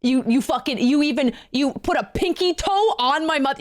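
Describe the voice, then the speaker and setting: A woman's voice: high-pitched, animated, normal speed. A woman streamer ranting to her chat, swearing, repeating lines and swinging between anger and playful jokes. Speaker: VTuber streamer. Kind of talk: live stream rant to chat.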